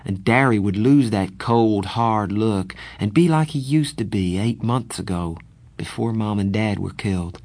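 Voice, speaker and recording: Low-voiced man narrating an audiobook. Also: dry recording. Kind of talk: first-person scripted narration.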